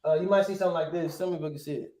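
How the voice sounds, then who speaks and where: A man's voice: a little high, steady tone, very fast, warm tone, roomy sound. A man teaching a lesson, asking rhetorical questions and punctuating points with emphatic asides. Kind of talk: classroom lesson.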